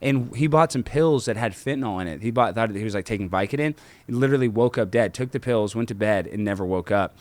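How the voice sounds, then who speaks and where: A man on a podcast as a guest, telling rambling stories in an excitable way and jumping from one tangent to the next. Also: fairly low pitch, dry recording. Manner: rapid, excitable storyteller who jumps between tangents. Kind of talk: casual podcast chat.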